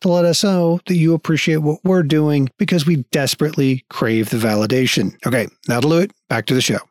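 A man hosting a podcast and narrating a tabletop game as game master, with quick joking asides. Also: on the high side.

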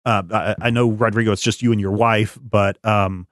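A man's voice: on the low side, level tone, normal speed, dry recording, studio quality. A middle-aged man hosting a podcast, telling a rambling story in casual chat with many fillers. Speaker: podcast host.

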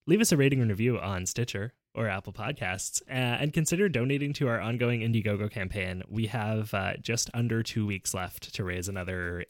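A man's voice: lowish voice, fairly quick, few pauses. A man wraps up a podcast episode in a casual, rambling way. He jokes and stumbles through fillers as he talks. The sound is dry and close, with no room echo. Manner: rambling and joking, with many fillers. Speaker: podcast host.

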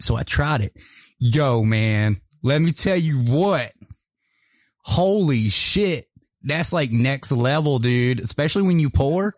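A man's voice: medium pitch, expressive, unhurried, no room sound. Man, casual chat, profane storyteller, dry recording.

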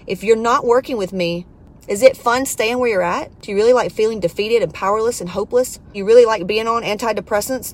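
Blunt, foul-mouthed woman life coach. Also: a little high. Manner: blunt, profane, preachy and emphatic. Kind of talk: podcast monologue.

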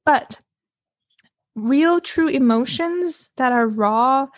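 Animated, restarting woman storyteller, dry sound. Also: sits high, extremely slow, no room sound. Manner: animated storyteller who restarts and repeats words. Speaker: podcast guest. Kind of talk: casual chat.

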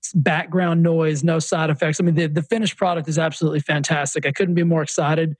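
A man's voice: on the high side, fast, husky, dry recording. A man with a Southern accent, a fitness coach and author, telling stories animatedly as a podcast guest. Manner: animated storyteller, many restarts. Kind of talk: casual podcast interview.

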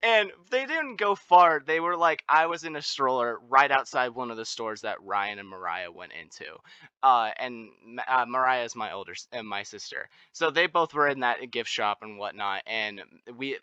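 A man's voice: mid-range voice, lively intonation, moderate pace, pushed and bright, clear, resonant tone, dry recording, lo-fi sound. A man in his late teens casually telling a story as a podcast co-host, often laughing as he goes.

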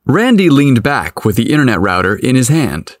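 A man narrating a story aloud in a playful, expressive manner. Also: medium pitch, moderate pace, no echo, clean studio sound. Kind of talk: audiobook narration.

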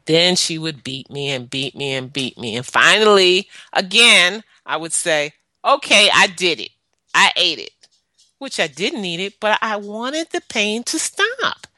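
A woman tells her own story in an earnest, halting way, stopping often to gather her words. Her voice is bright and forceful. It sits dry and close, with no room sound around it. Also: fairly low pitch, big pitch swings, dry recording. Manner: earnest, halting with frequent pauses. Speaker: guest sharing her life story. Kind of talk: personal testimony, storytelling.

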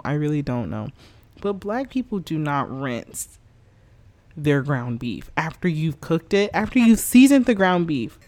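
A young woman talking straight to her listeners on her podcast. She tells her story in a loose, animated way and gets worked up and exasperated. She swears freely and laughs along the way. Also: low voice. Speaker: podcast host. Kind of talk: casual storytelling monologue.

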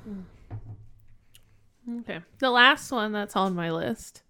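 A woman co-hosting a casual business chat, playful and giggly, who drops into a lower, quieter tone to read product details. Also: slow pace, smooth. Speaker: podcast co-host.

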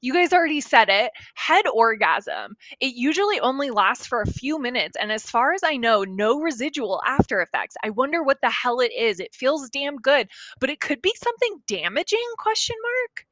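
A young woman co-hosting a casual chat, telling a story in an animated way and laughing often. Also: high voice, moderate pace, hardly any pauses, no echo, poor audio. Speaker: co-host.

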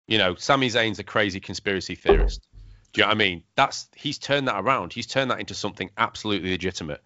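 Podcast host, man, lowish bright voice, chatty and quick, restarts a lot; dry, dull lo-fi sound. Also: animated, no echo. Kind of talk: casual podcast chat.

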